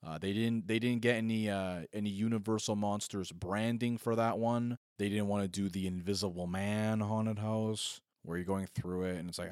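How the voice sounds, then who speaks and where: A man in his thirties tells a loose, funny story, piling up "like" and poking fun at himself. His voice sits on the low side. The sound is dry and close, with almost no room echo. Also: fairly even intonation, moderate pace, hardly any pauses, darkish tone, smooth. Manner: rambling, heavy on filler "like", self-mocking. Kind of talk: casual comedic storytelling monologue.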